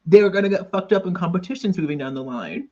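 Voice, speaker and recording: A man on a podcast panel with a husky voice, chatting about reality TV in a laid-back, offhand way. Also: high voice, expressive, quick pace, a little mellow, dull audio. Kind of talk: casual reality-TV chat.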